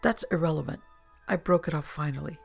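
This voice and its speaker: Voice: mid-range voice, fairly even intonation, a little fast, creaky, slightly rough, soft background music. A reader voicing Alma, guarded young woman. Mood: defensive. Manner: defensive, clipped. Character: young woman, guarded, stubbornly loyal music student.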